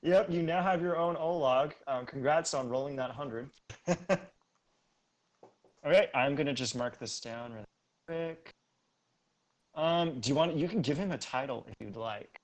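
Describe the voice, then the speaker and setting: A man's voice: mid-range voice, a little slow, pauses often. Joking man running a tabletop game. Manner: loose, joking, laughs often. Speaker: game master.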